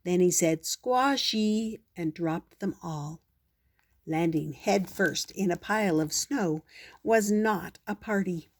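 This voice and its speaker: Older woman, storybook reader; slow, gentle, unhurried delivery. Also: on the low side, steady tone. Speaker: storyteller grandmother. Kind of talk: reading a children's book aloud.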